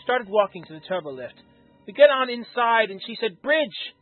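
A man with a husky voice reading a fan story aloud in a plain, unpolished way, with small slips. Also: high-pitched, animated, fairly quick. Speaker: story reader. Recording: tinny phone-like recording with faint music.

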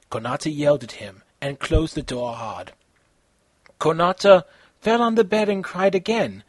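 A man reading an amateur fan story aloud in a fast, animated way. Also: a little high, dry recording. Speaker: reader.

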